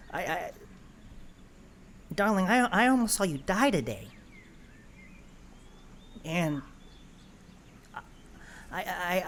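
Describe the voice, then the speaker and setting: Man voicing a timid circus girl, high, stammering and hesitant. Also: fairly bright tone, slight background noise. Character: timid female circus performer, unsure of herself.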